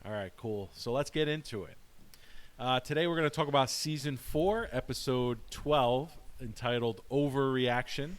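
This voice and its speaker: A man hosting a casual podcast, talking haltingly with many fillers and restarts. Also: medium pitch. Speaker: podcast host.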